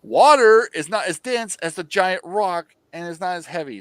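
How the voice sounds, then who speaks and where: A man hosting a casual review chat, animated and ranting, swearing freely. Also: high-pitched, moderate pace, dry recording. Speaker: host.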